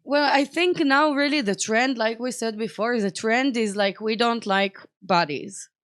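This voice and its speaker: A woman's voice: fairly high pitch, unhurried, dry recording, clean studio sound. Chatty woman saying "like" constantly. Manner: chatty, sprinkles "like", frank and profane. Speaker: podcast guest. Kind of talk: casual chat.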